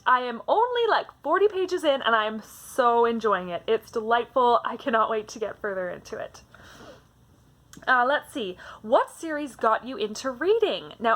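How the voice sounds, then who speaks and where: Woman, book vlogger, bubbly and hyper, voice sits a bit high. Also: fairly bright tone. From Canada. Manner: hyper and bubbly, chatty with frequent restarts. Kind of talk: casual book tag vlog.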